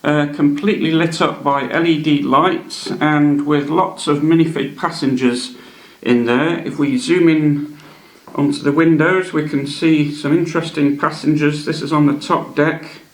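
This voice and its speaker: A man's voice: on the high side, fairly even intonation, measured pace. A man hosting a hobby channel, chatting casually and hesitantly as he shows off models. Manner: chatty, hesitant, many ums and uhs. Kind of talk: casual show-and-tell narration. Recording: echoey room.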